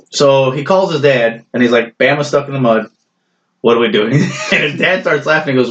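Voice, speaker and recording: A man's voice: mid-range voice, moderate pace, fairly bright tone, dull audio. A man, a guest on a podcast, telling a funny story in casual chat, laughing and swearing as he goes. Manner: laughing, swearing, tells stories with voices for other people.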